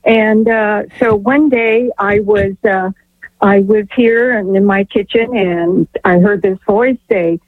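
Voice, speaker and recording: A woman's voice: medium pitch, fairly even intonation, slow pace, no room sound. A woman calling in to a radio show, telling a story in a chatty, earnest way with lots of fillers. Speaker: caller. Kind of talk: rambling call-in story. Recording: tinny phone line.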